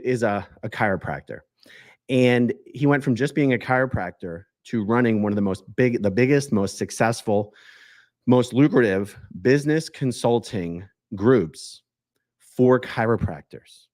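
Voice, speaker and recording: A man hosting a commentary video, talking in an animated, joking way with digressions. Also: mid-range voice, dry recording, studio quality. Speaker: host.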